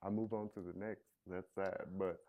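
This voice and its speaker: A man's voice: low-pitched, level tone, normal speed, narrow, tinny audio. A man who is a musician, talking in a laid-back, joking way on a podcast and trailing off now and then. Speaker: musician guest. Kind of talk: casual chat.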